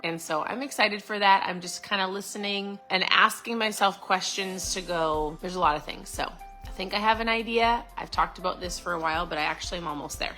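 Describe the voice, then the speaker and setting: A woman's voice: mid-range voice, bright, forceful tone, poor audio. A middle-aged woman giving a casual, upbeat motivational talk to camera, chatty with lots of fillers and restarts. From Florida. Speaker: vlogger.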